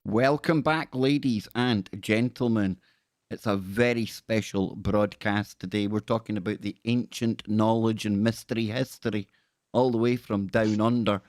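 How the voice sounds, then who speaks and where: A man hosting a casual live stream, chatty and quick with thanks, often repeating himself. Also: lowish voice, steady tone, dry recording, studio quality. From Scotland. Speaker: host.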